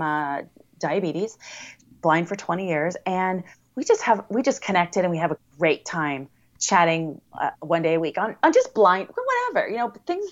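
Upbeat american lady talking fast on a podcast, lots of "you know", kinda muffled sound. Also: on the low side. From United States. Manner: chatty, upbeat, many fillers. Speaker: podcast guest. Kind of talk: casual interview chat.

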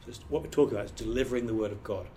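A middle-aged British pastor races through a training talk on preaching, earnest and emphatic yet conversational, with restarts. His medium-pitched voice is warm, over a little hiss or hum.

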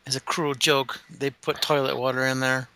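A man dropping short, wry remarks during a movie commentary. His voice is gravelly with a bright, hard edge. He speaks briefly and dryly, in casual podcast chat. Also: medium pitch, little pitch movement, moderate pace. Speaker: podcast co-host.

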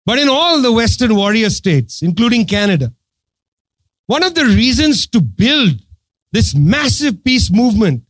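Man, impassioned political talk, sarcastic, high-pitched, swooping delivery, dry close sound. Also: no room sound. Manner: sarcastic and emphatic, hammering points with repetition. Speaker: political speaker addressing an audience.

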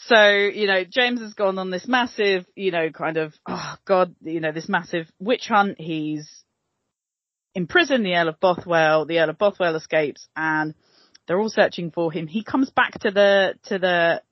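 A woman co-hosting a casual history chat, animated and laughing as she tells the story. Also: on the low side, dry recording. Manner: animated, laughing, mocking voices. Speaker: podcast co-host. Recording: dull, dry close mic.

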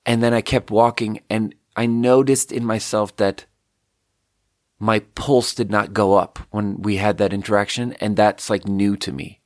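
A man's voice: fairly low pitch, level tone, measured pace, darkish tone, dry recording, clean studio sound. A man from Sweden, telling a rambling story in a casual solo monologue full of "like". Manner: casual, meandering, lots of "like".

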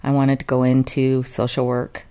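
Woman w/ a really deep low voice telling her story on a podcast, earnest, open, a bit self-mocking. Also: monotone, normal speed, warm tone, clean tone. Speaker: guest. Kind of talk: candid personal storytelling in an interview.

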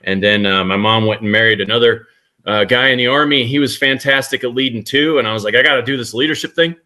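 A man's voice: mid-range voice, steady tone, quick pace, sharp tone. A man in his forties, a guest author, telling his life story in an upbeat, self-mocking way. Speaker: guest author, military leader. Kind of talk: interview storytelling.

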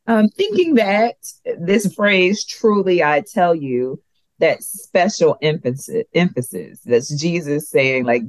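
A woman sharing Bible teaching in an earnest, emphatic way. She speaks slowly and deliberately and repeats key ideas for weight. The sound is dry and close. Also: on the low side, lively intonation, dry recording, low-quality recording. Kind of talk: conversational Bible lesson.

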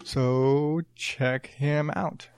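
A man's voice: mid-range voice, fairly even intonation, extremely slow, background noise. A man hosting his own podcast, rambling casually with lots of fillers, restarts and swearing. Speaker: podcast host. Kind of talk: casual solo podcast chat.

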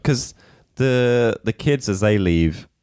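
Deep-voiced man musing aloud. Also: animated, takes it slowly, a little mellow, no room sound, clean studio sound. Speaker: podcast co-host. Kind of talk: casual chat.

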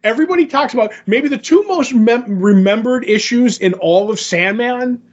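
A man in a casual podcast chat, retelling comic stories with animated energy and acting out the quotes. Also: very high voice, moderate pace. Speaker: podcast co-host. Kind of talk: casual comic book discussion. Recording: dull lo-fi sound.

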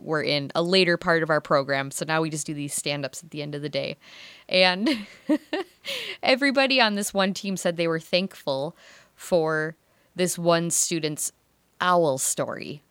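A woman co-hosting a casual chat, telling a story with lots of laughter and animated imitations. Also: on the low side, moderate pace, clear, resonant tone, no echo. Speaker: podcast co-host.

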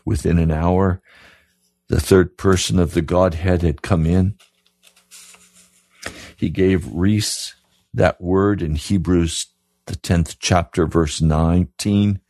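A man's voice: low voice, steady tone, slow, pauses often, a little mellow, no room sound, studio quality. A man preaching a radio sermon, earnest and pleading, repeating his questions to the listener. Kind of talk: sermon broadcast.

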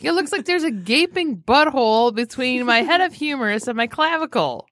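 A woman jokes her way through a casual podcast chat, her pitch swinging up and down all the time. The sound is dry and close to the mic. She sounds lively and a little crude. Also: moderate pace, no echo. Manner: animated, joking, crude humor. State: injured shoulder. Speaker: podcast co-host.

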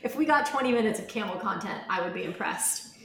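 A woman's voice: mid-range voice, lively intonation, fast talker, vocal fry, a bit bright. A woman hosting a podcast, introducing guests in an upbeat, easy way. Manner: upbeat, easy, laughs along. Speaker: podcast host. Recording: roomy echo with faint noise.

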